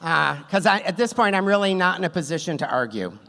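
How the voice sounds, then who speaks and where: A man's voice: high voice, big pitch swings, fast, creaky, bright, forceful tone. Wry male storyteller on a stage. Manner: wry, self-deprecating, comic timing. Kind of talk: live story slam telling. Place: stage in a theater hall. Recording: long hall reverb, on stage.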